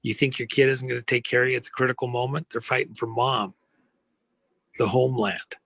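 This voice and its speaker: A man's voice: medium pitch, fairly even intonation, a little fast, a bit bright, slightly rough, no room sound. A man giving an impassioned interview, speaking emphatically with rhetorical questions and a preachy tone. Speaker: interview guest.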